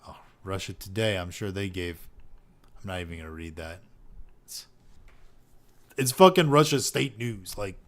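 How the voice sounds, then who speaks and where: A man's voice: low voice, lively intonation, moderate pace, pauses often, a bit bright. A man hosting a casual podcast, reading out online posts and ranting about them with heavy profanity and exasperation. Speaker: podcast host.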